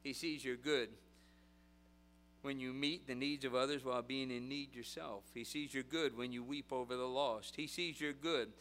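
A man preaching a sermon in an animated storytelling way, repeating rhetorical phrases in a preaching cadence. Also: medium pitch, normal speed, faint music behind. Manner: animated storytelling, acting out voices and shouting.

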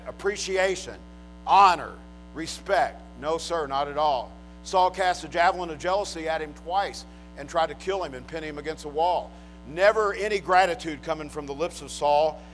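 A male preacher with a notably high voice delivers an emphatic sermon and drives home his points by repeating them. Faint music plays behind him. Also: fairly bright tone, rough recording. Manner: storytelling, emphatic, repeats key lines.

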